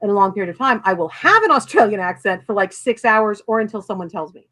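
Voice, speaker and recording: A woman's voice: medium pitch, animated, fast talker, pushed and bright, low-quality recording. A woman author being interviewed in a casual chat, talking bluntly and animatedly, with self-deprecating humor. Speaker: author guest.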